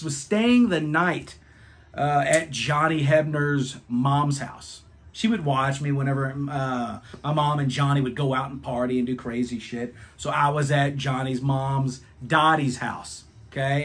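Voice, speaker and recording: A man in his thirties reviewing albums, telling a rambling, profane story in a casual vlog. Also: fairly high pitch.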